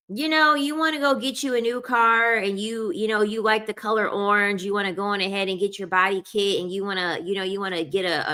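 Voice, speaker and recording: Her voice is medium in pitch, bright and forceful. She rants to her viewers casually and bluntly, sharing opinions, swearing freely and saying "I'm sorry" over and over.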